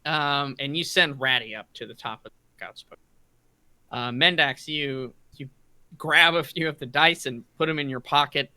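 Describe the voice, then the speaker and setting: A man narrating as game master of a tabletop game, halting with restarts and throat clearing. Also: on the high side, pushed and bright, no echo.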